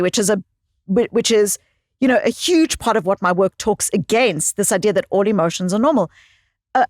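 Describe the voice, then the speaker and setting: A woman psychologist telling personal stories as a guest in an interview, expressive and fond of repeating phrases for emphasis. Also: medium pitch, no room sound, clean studio sound. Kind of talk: conversational interview storytelling.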